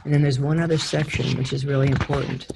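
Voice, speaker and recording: A woman leading a guided healing exercise over a video call, giving slow, soothing instructions. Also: very deep voice, level tone, vocal fry, noisy background. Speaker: guided healing session leader.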